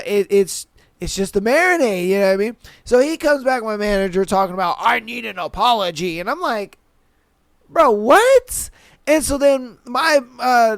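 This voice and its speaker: A young man hosting a podcast, telling a story in a slangy, animated way and swearing often. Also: high-pitched, no echo. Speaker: podcast host. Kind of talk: casual storytelling chat.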